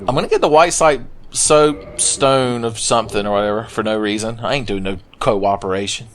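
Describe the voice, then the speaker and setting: A man's voice: lowish voice, a little fast, a little hiss or hum. A man giving crude, joking let's-play commentary while gaming, slipping into silly voices for game characters. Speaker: gameplay commentator.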